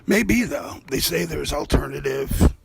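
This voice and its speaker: Painting on his own art show, this host speaks in a fairly high, creaky voice, animated but unhurried, against a noisy background. He rambles casually, swears freely, and wanders from one aside to the next.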